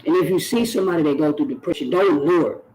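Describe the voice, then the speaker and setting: A man's voice: a little high, racing, darkish tone, poor audio. A man speaks straight to his viewers. He talks earnestly and preaches a little, circling back to the same phrases to drive each point home. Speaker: YouTube channel host. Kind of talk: direct-to-camera talk.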